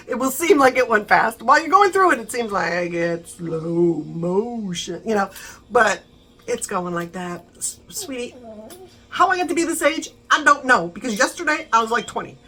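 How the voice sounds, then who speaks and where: A woman's voice: fairly high pitch, lively intonation, a little slow, sharp tone, slightly rough, rough recording. A middle-aged woman chatting casually to her viewers, encouraging and laughing often. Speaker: vlogger. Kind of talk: casual chat to camera.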